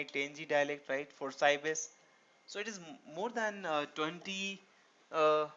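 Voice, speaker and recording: This programming instructor's voice is a little high and a bit bright, with a clear, resonant tone. He explains a screen-recorded tutorial step by step, asking himself rhetorical questions, on a dull lo-fi recording.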